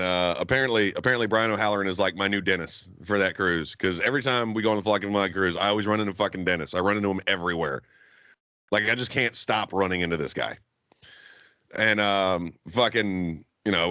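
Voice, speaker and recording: A man's voice: low voice, bright, forceful tone, no room sound. Profane laughing man telling a story. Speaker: podcast co-host. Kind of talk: casual storytelling chat. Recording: dull lo-fi sound.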